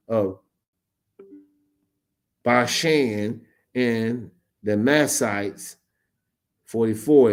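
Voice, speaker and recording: A man preaching a sermon, reading scripture aloud and then retelling it in casual street slang, his voice jumping high on emphatic words. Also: a little mellow.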